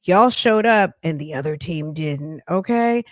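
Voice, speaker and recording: A woman's voice: low voice, expressive, a little slow, very noisy. A woman hosting a casual true-crime news chat, chatty and emphatic with sassy asides. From New York. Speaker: true-crime commentary host.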